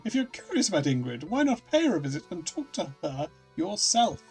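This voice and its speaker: A man's voice: high voice, sing-song, brisk, darkish tone, slightly rough, faint music behind, full character voice. A man voicing a dutiful, formal older butler, reading game dialogue aloud in a deferential tone. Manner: deferential, formal servant speech.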